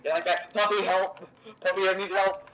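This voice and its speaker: A young man giving excitable, profane let's-play commentary, yelling at the game. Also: sits high, normal speed, muffled recording. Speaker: gamer.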